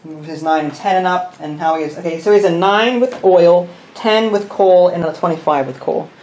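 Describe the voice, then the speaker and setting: A man's voice: high-pitched, normal speed, a little mellow. Man thinking aloud over a board game. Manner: thinks aloud, counting pieces and muttering rules. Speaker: host. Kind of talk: explaining a board game while playing. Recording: roomy room with faint noise.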